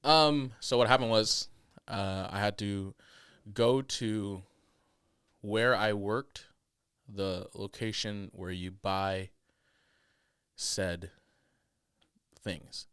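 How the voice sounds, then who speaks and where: A man's voice: fairly low pitch, drawn-out words, long pauses, a bit bright, clean tone, dry recording, studio quality. A man hosting a casual podcast, telling a rambling story full of ums and restarts. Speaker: podcast host.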